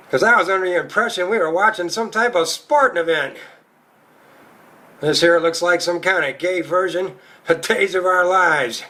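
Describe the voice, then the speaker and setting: A man's voice: sits high, expressive, normal speed, pushed and bright. A male stand-up comedian telling a crude, profane routine in a rowdy storytelling manner.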